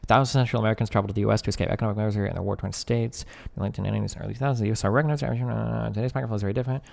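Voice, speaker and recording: A young man doing casual live-stream commentary, reading text aloud fast and breaking off to chat, joke and swear. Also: on the low side, steady tone, vocal fry, darkish tone, long reverb tail.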